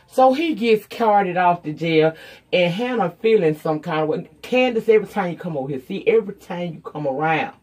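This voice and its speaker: A woman's voice: lowish voice, darkish tone, husky. A woman giving a casual, off-the-cuff recap of a TV episode, blunt and profane, acting out the characters' lines as she retells the story. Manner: blunt, profane, sassy commentary. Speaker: TV recap reviewer.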